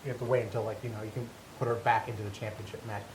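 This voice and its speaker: Animated, stammering man in an echoey room. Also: lowish voice, very fast. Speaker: podcast co-host. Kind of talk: casual wrestling chat. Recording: echoey room with faint hum.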